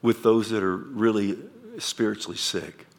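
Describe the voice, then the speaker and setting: A male pastor, preaching a sermon. He questions the congregation and swings from loud emphasis down to quiet. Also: lowish voice, fairly even intonation, normal speed, vocal fry.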